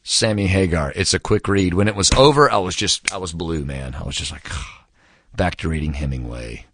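A man's voice: low-pitched, normal speed, fairly bright tone, dry recording, clean studio sound. A man casually recommending a book, telling a long rambling anecdote in a laid-back way, full of fillers and calling the listener "man". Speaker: book reviewer.

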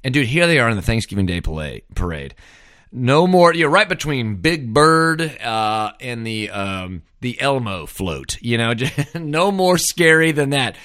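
A man's voice: medium pitch, very animated, a little slow, fairly bright tone, no room sound, studio quality. A middle-aged man hosting a podcast, rambling through a wry, casual solo monologue full of "man" and "dude.". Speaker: podcast host.

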